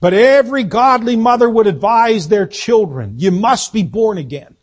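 A man delivers a church sermon in a raised, rather high voice with a husky edge. He swells on his key points and then drops to softer, conversational asides to the congregation. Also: expressive, normal speed. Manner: preaching with rising emphasis, then dropping to quiet asides. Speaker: pastor. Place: church sanctuary.

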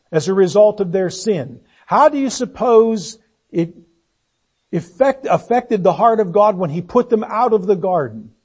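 A man's voice: high voice, darkish tone, slightly rough. A man preaching a sermon, earnest and searching, posing one rhetorical question after another and letting his voice sink on solemn phrases.

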